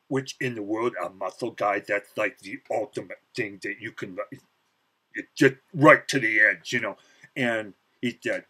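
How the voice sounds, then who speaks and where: A man telling a comic story as a vlogger, boastful and theatrical, his pitch jumping sharply when he gets excited. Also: a little slow, low-quality recording. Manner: boastful, self-mocking, many "you know" fillers.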